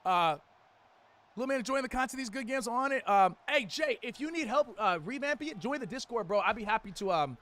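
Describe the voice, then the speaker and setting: Brief: young male streamer, high voice, hype play-by-play with slang. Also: expressive, a little fast, fairly bright tone. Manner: hype play-by-play with casual slang, chats with viewers. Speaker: streamer and tournament commentator. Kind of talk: live-stream play-by-play commentary.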